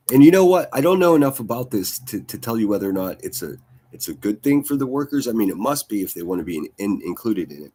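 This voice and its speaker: His voice is low, warm, and a bit rough as he hosts a daily livestream of the news. He chats loosely over the clips, rambling, repeating words, and occasionally cursing.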